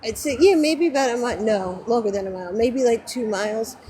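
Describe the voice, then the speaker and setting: A woman's voice: fairly high pitch, a little fast, darkish tone, slight background noise. A woman livestreaming casual chat from outdoors near a road, rambling and correcting herself, close to tears with frustration.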